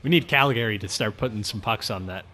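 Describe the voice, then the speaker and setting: A young man giving casual, rambling commentary while playing a hockey video game, breaking into excited bursts at big plays. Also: on the low side, fast talker, soft background music. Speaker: gaming commentator.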